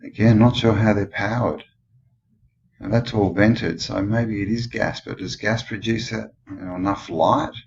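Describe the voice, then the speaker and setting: A man's voice: lowish voice, fairly even intonation, unhurried, gravelly, lo-fi sound. A man with an Australian accent who rambles and muses, asking questions as he comments casually on old photos. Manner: rambling, musing, full of questions. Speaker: channel host.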